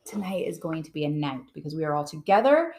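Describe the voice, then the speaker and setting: A woman hosting a casual podcast with friends at a table, excitable and rambling, giggling often. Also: low voice, fast talker. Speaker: podcast host. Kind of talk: casual chat. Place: room shared with friends at a table. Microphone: table mic.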